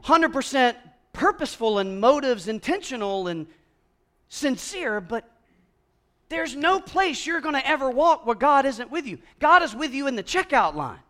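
A man delivers a conversational sermon from the pulpit. His voice sits high for a man, and he often drops to a near hush before building back up to loud emphasis. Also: sing-song, moderate pace. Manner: conversational preaching, swings from hushed to loud. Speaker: pastor.

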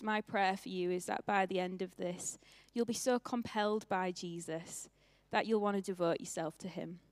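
A young woman with a northern English accent preaches in church, chatty and quick to poke fun at herself. Her voice is dry and close, with little room sound, and her pitch sits in an ordinary middle range. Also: dry recording. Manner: chatty and self-mocking, laughing often. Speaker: pastor. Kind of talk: sermon.

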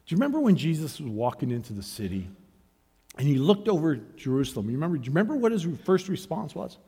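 A man preaching a sermon as pastor, swinging between hushed, searching questions and loud, rising calls to the congregation. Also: fairly high pitch, sing-song, fast, slightly rough. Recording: long hall reverb.

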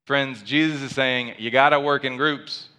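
A man preaching a sermon in a conversational, animated way, with asides to the congregation. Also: mid-range voice, moderate pace, smooth. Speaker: pastor.

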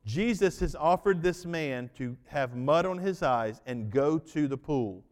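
Male pastor, folksy animated preacher, higher register, reverberant church hall. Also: unhurried. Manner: folksy, animated storytelling with acted-out voices. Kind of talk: sermon.

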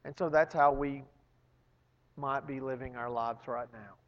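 A man's voice: mid-range voice, fairly even intonation, measured pace. Male pastor, sermon storyteller who repeats words as he restarts, muffled recording in a large echoing church hall. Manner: storytelling, building to loud emphatic peaks. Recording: long reverb, dull lo-fi sound.

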